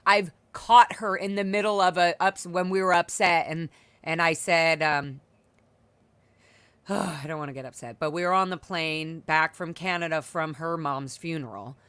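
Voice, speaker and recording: Over a video call, a young adult woman who hosts a podcast shares a personal story candidly and emotionally in casual chat, with lots of fillers and restarts. Her deep voice is steady, clear and resonant, a bit bright, at normal speed, in a dry recording.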